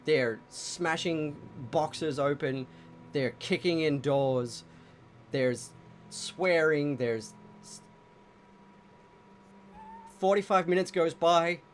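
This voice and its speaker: A man's voice: on the high side, extremely slow, long pauses, slight background noise. A man running a tabletop game show as game master, casual and profane, building tense scenes. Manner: casual, swearing, dramatic scene-setting.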